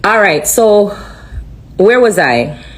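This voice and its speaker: A woman giving an earnest, halting personal testimony on a live stream, often repeating herself. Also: medium pitch, expressive. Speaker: livestreamer sharing a testimony.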